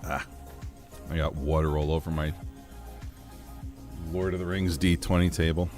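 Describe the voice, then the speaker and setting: A man's voice: extremely low pitch, steady tone, moderate pace, darkish tone, faint music behind. A man streaming a game, chatting casually with his chat, laughing easily as he plays.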